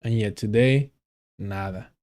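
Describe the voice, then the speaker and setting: Male streamer, mellow and warm, reads news aloud with blunt casual asides. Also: on the low side, measured pace. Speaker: live streamer. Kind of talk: casual live stream commentary.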